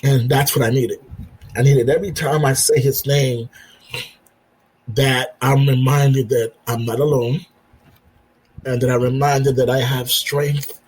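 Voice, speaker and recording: A man, a military veteran and father, telling his story as a podcast guest in an earnest, halting way, repeating himself and acting out the dialogue. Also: medium pitch, little pitch movement, darkish tone, slightly rough, low-quality recording. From United States. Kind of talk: personal storytelling in an interview.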